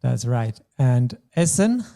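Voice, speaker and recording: A man's voice: mid-range voice, big pitch swings, slow, gravelly, dark tone. A man teaching a German lesson, explaining grammar patiently step by step. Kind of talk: language lesson.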